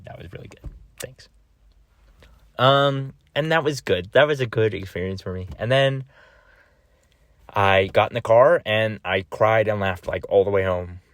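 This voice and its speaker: Young man, deep voice, dry close sound, rambling slangy casual chat, laughs a lot. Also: a bit bright, no room sound. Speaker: vlogger.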